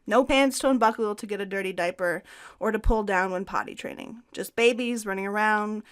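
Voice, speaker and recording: A woman co-hosts a history podcast, reading her script clearly and steadily. Her voice sits at a middle pitch, and she drops in the odd casual aside. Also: a little fast. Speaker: podcast co-host.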